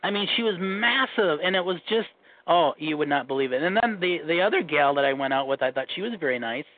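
A man's voice: on the high side, lively intonation, quick pace. A man with a Minnesota accent telling long stories in casual chat, restarting and repeating himself as he rambles. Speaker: guest telling dating stories. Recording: tinny phone line, dry.

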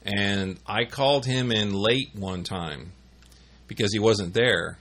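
A man's voice: on the low side, slow, fairly bright tone. A man hosting a podcast, telling stories in casual chat and mimicking voices. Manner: chatty storyteller who mimics voices. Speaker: podcast host.

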